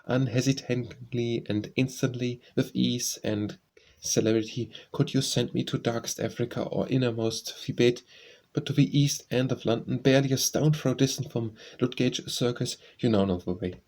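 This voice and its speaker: A man reading a first-person story aloud as an audiobook narrator, in a measured, literary way. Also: medium pitch, fairly even intonation, a little mellow.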